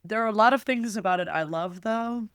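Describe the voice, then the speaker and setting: A woman chats on a podcast while still sick from a bad week, her remarks dry and sardonic. Her voice stays smooth and clear, and the recording is close and dry. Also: medium pitch, fairly quick, no room sound. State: sick, hoarse. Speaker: podcast guest. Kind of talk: casual chat.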